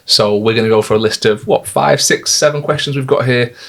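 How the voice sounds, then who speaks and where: A man's voice: medium pitch, a little fast, vocal fry, a bit bright. A young man, co-hosting a casual podcast chat with British slang and easy laughs. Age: young adult. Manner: chatty, laughs easily, uses British slang. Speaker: podcast co-host.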